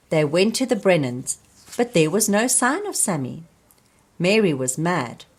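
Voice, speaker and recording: A woman reading a children's storybook aloud, slowly and expressively, speaking to young listeners. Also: fairly low pitch, husky. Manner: slow, expressive, addressing children. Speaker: storybook reader.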